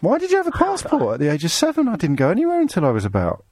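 A man hosts a radio phone-in, bantering with callers in a quick, teasing way. His pitch swoops widely as he talks. The studio sound is dry and close. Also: huge pitch swings, darkish tone, no echo. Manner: quick-witted, teasing, laughs often. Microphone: studio microphone.

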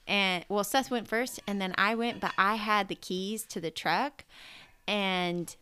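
A young woman co-hosting a podcast, telling a story in casual chat and acting out quoted lines with big jumps in pitch. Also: measured pace, pushed and bright, slight background noise. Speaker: podcast co-host.

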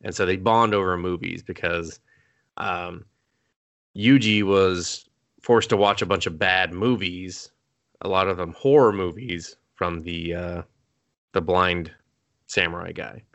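A man's voice: low voice, fairly even intonation, measured pace, fairly bright tone. A young man on a podcast casually recapping an anime episode, rambling, laughing often and coughing now and then. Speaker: podcast co-host.

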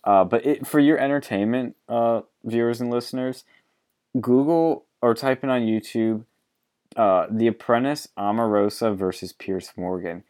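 A man's voice: mid-range voice, normal speed, a little mellow. A man hosting a podcast in casual political chat, blunt and profane, laughing often. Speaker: podcast host.

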